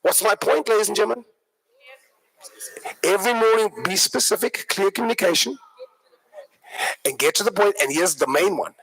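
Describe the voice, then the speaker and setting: Very high-voiced bright male workshop speaker. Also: normal speed, long pauses, breathy edge, low-quality recording. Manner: animated, joking storyteller addressing the audience. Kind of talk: live motivational workshop talk.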